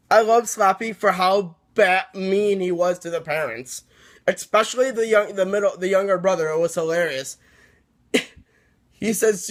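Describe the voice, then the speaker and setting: A man giving a casual book review, rambling and excitable, with many restarts. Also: sits high.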